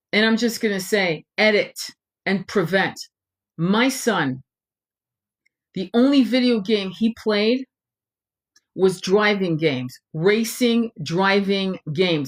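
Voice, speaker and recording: A middle-aged woman speaks straight to her viewers in an impassioned monologue, her voice sitting in a middle register. She is blunt and fiery, swearing freely as she rants. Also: medium pitch. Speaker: tarot channel host.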